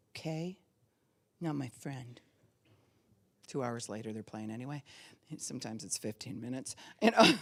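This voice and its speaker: Lively, low-voiced woman pastor preaching. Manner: animated, laughs often, acts out quoted voices. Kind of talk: sermon.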